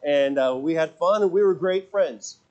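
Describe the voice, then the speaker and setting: Preacher, man in his forties, pitched high; self-mocking storyteller who gets earnest. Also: normal speed, a little mellow, highs cut off. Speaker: pastor. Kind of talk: sermon.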